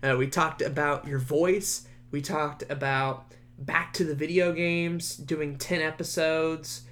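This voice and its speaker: Bright-voiced young man rambling on a podcast. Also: fairly even intonation, slow pace. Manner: rambling, laughs often, voice jumps high at times. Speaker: podcast host. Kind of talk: casual solo podcast chat.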